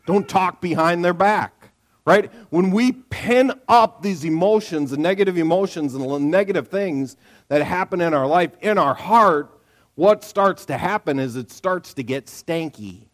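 A man preaching a sermon to a church congregation, his voice sitting a touch high. He talks in a lively, joking way and now and then breaks into a sudden loud outburst. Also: normal speed. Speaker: pastor.

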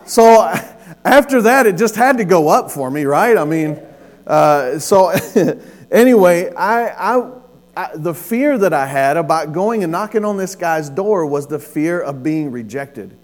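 Animated preacher. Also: male voice, on the high side, unhurried. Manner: storytelling, animated with laughs and acted-out quotes. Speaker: pastor. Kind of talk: sermon.

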